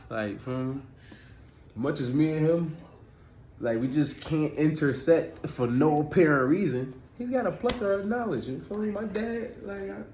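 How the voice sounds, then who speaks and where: Speaking in a slightly high, somewhat mellow voice, this thirty-something spiritual vlogger keeps his talk loose and chatty, repeatedly asking "you feel me" to check in with listeners. The recording has its highs cut off and a bit of background noise.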